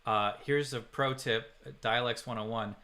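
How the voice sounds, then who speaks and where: A man's voice: medium pitch, steady tone, measured pace, pushed and bright. A man hosting a podcast, chatting casually and ranting sarcastically with some swearing. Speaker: podcast host. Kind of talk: casual chat.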